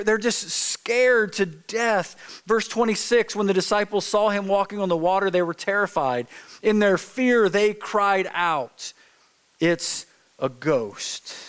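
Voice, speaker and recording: A man's voice: high voice, a bit bright. A male pastor preaching a conversational sermon in a church, telling a story informally and acting out the quotes. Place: church sanctuary.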